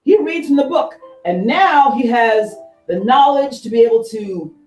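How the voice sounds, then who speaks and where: A woman reverend retelling an ancient tale in a lively, conversational sermon, acting out the characters as she goes. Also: a little high, a little slow. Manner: animated, conversational, acts out characters. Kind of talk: storytelling sermon. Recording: echoey room, far from mic, faint music.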